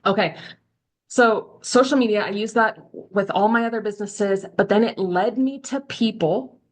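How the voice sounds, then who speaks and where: A woman's voice: mid-range voice, normal speed. Chatty woman coaching on a video call. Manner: chatty, candid storytelling with lively quoted voices. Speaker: social media coach. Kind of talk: live online training talk.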